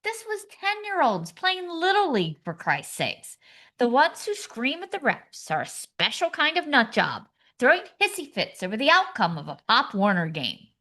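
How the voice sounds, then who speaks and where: Bright, lively-voiced woman co-host. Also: high voice, moderate pace. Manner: sarcastic, acts out screaming parents. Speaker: podcast co-host. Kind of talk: comedic podcast banter.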